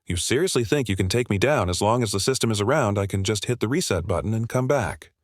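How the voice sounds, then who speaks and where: A man's voice: lowish voice, lively intonation, fast, no room sound, clean studio sound. A man voicing an arrogant male demon lord villain, with a snappish, boastful manner. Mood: irritable, arrogant.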